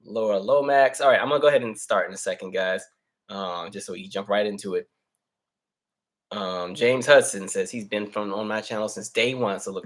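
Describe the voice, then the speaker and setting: Male host doing laid-back live chat with viewers, slightly winded, easygoing delivery. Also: mid-range voice. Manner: relaxed, chatty, reads viewer names aloud. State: out of breath. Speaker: livestream host. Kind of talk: casual livestream chat.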